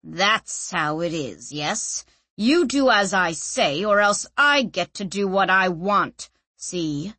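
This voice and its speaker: A woman's voice: mid-range voice, expressive, slow pace, pushed and bright, dry recording, heavily acted. A woman voicing a cruel, sadistic male captor who mutters and speaks savagely, in a storybook reading.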